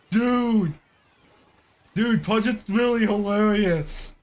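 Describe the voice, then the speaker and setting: High-voiced, excitable man reacting. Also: drawn-out words. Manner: loud, swearing, exclamatory. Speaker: reaction video host.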